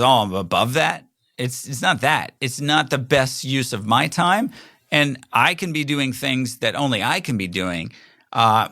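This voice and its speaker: A man's voice: mid-range voice, sharp tone, dry recording, clean studio sound. A middle-aged man hosting a podcast alone, talking casually in a rambling way and acting out quoted voices. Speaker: podcast host. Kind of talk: casual solo monologue.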